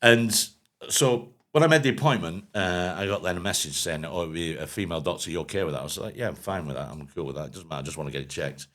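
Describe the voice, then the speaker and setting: Low-voiced man telling crude jokes. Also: fast talker, a bit bright. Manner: crude, jokey storytelling with mock quotes. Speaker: podcast co-host. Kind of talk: casual pub-style banter.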